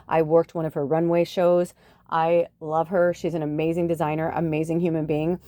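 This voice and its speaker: A woman's voice: low-pitched, flat delivery, normal speed, mellow, no echo. A middle-aged woman hosting a podcast, chatting casually, swearing freely and acting out what people said. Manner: chatty, swears often, acts out quotes. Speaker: podcast host. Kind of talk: casual chat.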